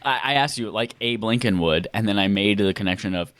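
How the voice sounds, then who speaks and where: A man's voice: lowish voice, a little fast, a bit bright. A man co-hosting a comedy podcast, talking in a playful, punning, jokey way on a close mic. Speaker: podcast co-host. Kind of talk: casual comedy chat.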